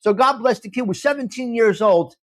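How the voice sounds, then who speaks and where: Man, new york accent, live show host, blunt and opinionated, animated talk, repeats lines for emphasis. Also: very high-pitched, a little fast. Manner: blunt, opinionated, drops Italian phrases. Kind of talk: casual live-stream chat.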